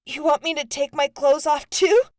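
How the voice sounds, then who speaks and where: Pitched high, above her own voice but still close to how she'd normally speak, a woman plays a scared teenage girl caught in a fire, strained and gasping for breath. She speaks at normal speed in studio-quality audio with no room sound.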